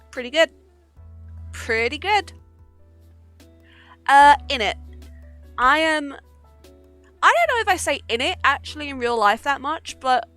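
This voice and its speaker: A woman's voice: high-pitched, sharp tone, dry recording. A young woman chatting casually on a livestream, giggly and swearing freely. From Britain. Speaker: streamer.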